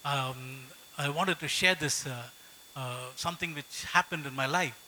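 A man's voice: mid-range voice, unhurried, bright, forceful tone, a little hiss or hum, low-quality recording. A middle-aged male pastor preaching a sermon, emphatic, repeating phrases and telling stories from his life.

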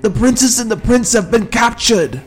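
A man voicing a wounded young male soldier who shouts a desperate report in gasps. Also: very high voice, lively intonation, moderate pace, soft background music, pitched above the performer's own voice. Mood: frantic. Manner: gasping, frantic shouting.

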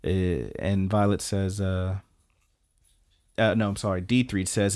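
A man with a fairly low voice hosts a podcast, walking through story scenes in a relaxed, conversational recap. Now and then he bursts into excited, joking asides. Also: unhurried. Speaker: podcast host. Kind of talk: casual episode recap.

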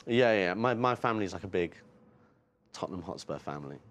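An English man with a low voice talks in an easygoing way, full of little laughs and "man" at the end of his phrases. He sounds like a musician guest answering a podcast host's questions. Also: expressive, fast. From near London, England. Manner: laid-back, laughs often, ends phrases with "man". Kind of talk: casual interview chat. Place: music venue in Las Vegas.

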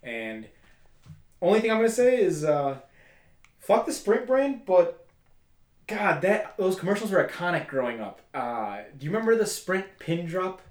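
A man's voice: high voice, sing-song, normal speed. Rambling male podcast host, echoey room. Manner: rambling, talks at length with many fillers. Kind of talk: casual chat.

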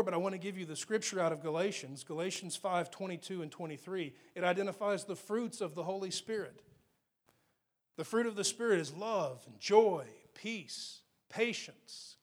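A man preaching a sermon, earnest and teaching, slowing down to read scripture and rising to emphatic points. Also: high-pitched. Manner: slows to read scripture aloud. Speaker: pastor.

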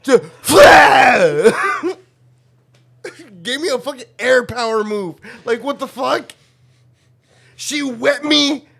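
A man's voice: extremely high pitch, unhurried, vocal fry, a bit bright, slightly rough. A man co-hosting a podcast, trading crude jokes with a friend, laughing often and swearing a lot. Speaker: podcast co-host. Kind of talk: casual crude banter.

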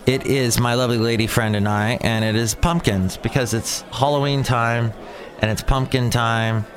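A man's voice: mid-range voice, fairly even intonation, moderate pace, a crowd in the background. A man hosting his own daily podcast, rambling goofily between topics and silly bits. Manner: goofy, digressive, sings and shouts bits. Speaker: podcast host.

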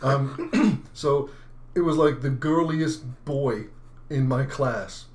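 A man co-hosting a podcast, telling an animated story and laughing often, a little sick and chewing lozenges. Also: mid-range voice, takes it slowly. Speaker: podcast co-host. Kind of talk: casual chat.

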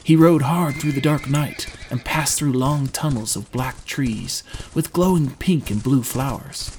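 A man narrating a fantasy audiobook in an expressive storytelling manner. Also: mid-range voice, unhurried, slight background noise.

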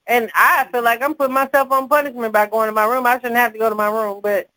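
A woman, a mother and podcast co-host, chatting casually and telling animated stories with frequent laughs. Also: a little high, fast, dry recording, rough recording. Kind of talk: casual chat.

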